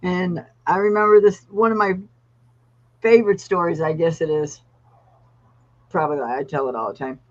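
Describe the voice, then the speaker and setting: Animated woman telling dog stories. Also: lowish voice, moderate pace, long pauses, muffled recording. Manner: animated storyteller acting out voices. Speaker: therapy dog trainer, guest. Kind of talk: podcast storytelling.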